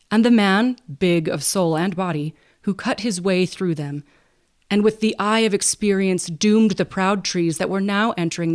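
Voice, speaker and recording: A woman narrating a classic novel in an even, unhurried storytelling manner. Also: on the low side. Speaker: audiobook narrator and podcast host.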